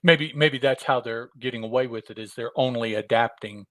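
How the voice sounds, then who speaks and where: A man's voice: medium pitch, normal speed, a bit bright, dry recording. A middle-aged man co-hosting a podcast, chatting in an easygoing, reflective way. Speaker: podcast co-host. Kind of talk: casual chat.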